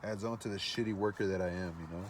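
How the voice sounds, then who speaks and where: A man's voice: sits low, steady tone, quick pace, background noise. A man telling a long personal story in casual speech, rambling and profane, with many fillers and restarts.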